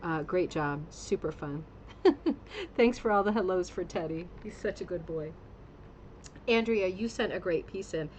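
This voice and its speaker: A woman's voice: lowish voice, moderate pace, darkish tone, a little hiss or hum, low-quality recording. A woman hosting a casual craft club livestream, gushing with effusive praise and rambling with fillers, talking in a home studio with a green screen. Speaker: host of a rug hooking club livestream. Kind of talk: casual livestream show-and-tell.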